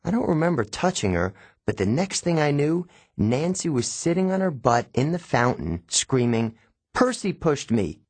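A man narrating a first-person novel with expressive, wry storytelling, recorded close on a studio mic. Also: on the high side, normal speed, hardly any pauses, no room sound. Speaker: audiobook narrator.

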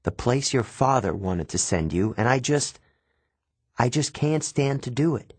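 A man voicing a protective, worried mother who speaks softly and pleads. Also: medium pitch, animated, measured pace, slightly rough, dry recording. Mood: pleading. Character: worried, protective mother, middle-aged woman.

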